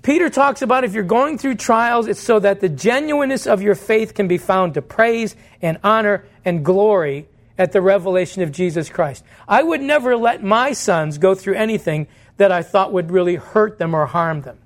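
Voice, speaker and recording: A man with a high, light voice preaches a sermon in church. He speaks earnestly, putting questions to his listeners and answering them himself. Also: lively intonation, normal speed. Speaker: pastor.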